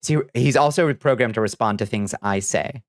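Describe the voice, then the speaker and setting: A man's voice: medium pitch, normal speed, dry recording, studio quality. A man streaming live, chatting casually with viewers, laughing often and swearing offhandedly. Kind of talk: casual livestream chat.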